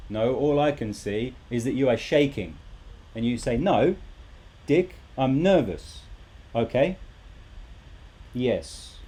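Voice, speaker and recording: A man's voice: mid-range voice, dark tone, husky. A man teaching a live English lesson, talking animatedly and repeating rhetorical questions to his students.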